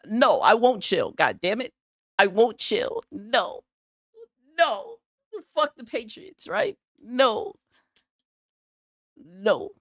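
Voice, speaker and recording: Lively, profane young man ranting. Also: high-pitched, extremely slow, pauses often, no echo, clean studio sound. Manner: profane, rambling, tags "right?" constantly. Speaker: streamer. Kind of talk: casual ranting commentary.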